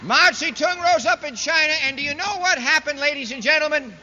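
A man's voice: extremely high pitch, fairly quick, sharp tone, a little hiss or hum. A man giving a political speech to a live audience, folksy and sarcastic, full of rhetorical questions. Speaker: speaker addressing an audience. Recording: dull lo-fi recording in a reverberant hall.

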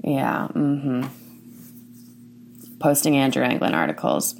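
A woman's voice: very deep voice, big pitch swings, slow, creaky, a little hiss or hum. Indignant woman ranting on her show. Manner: indignant, blunt, swears often. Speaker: commentary show host. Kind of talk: casual ranting commentary.

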